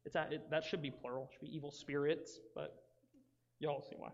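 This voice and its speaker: Young male youth speaker, higher voice, joking and animated, hall echo. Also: normal speed. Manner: joking, animated, self-interrupting. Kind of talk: casual, joking sermon. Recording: dull sound with long hall reverb.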